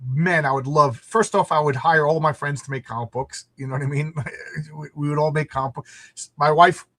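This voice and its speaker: Fairly high in pitch and moderately paced, this middle-aged podcast host carries a casual chat without any room sound. He tells his stories energetically, acting out whatever he quotes.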